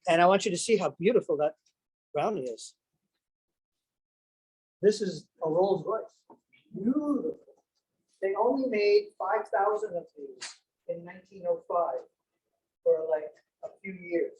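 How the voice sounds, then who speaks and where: A man's voice: sits high, unhurried, long pauses, a little mellow, far from the mic, low-quality recording. Playful man presenting to a room. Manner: playful, jokey, teasing the audience. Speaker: presenter of antique inventions. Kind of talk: lively show-and-tell presentation. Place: senior center room.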